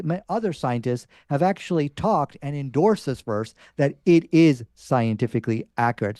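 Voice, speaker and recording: A man arguing firmly in a debate, pressing his case and brushing off objections. His voice is a little high yet mellow. The sound is dry and close. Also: no echo. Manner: insistent, assertive. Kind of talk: debate argument.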